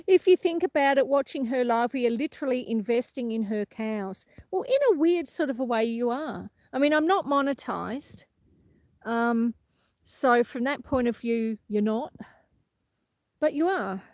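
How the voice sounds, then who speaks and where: A woman's voice: fairly high pitch, lively intonation, unhurried, darkish tone, no echo. A woman with an Australian accent hosting a casual livestream outdoors on a windy farm, chatting and laughing easily while greeting viewers by name. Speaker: livestream host. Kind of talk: casual livestream chat, reading comments aloud.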